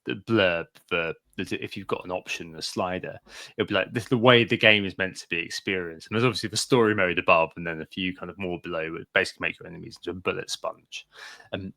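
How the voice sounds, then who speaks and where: Gravelly man, tense bright tone, hesitant casual chat. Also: sits low, fast talker, no room sound, studio quality. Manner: hesitant, many ums and restarts. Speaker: podcast co-host.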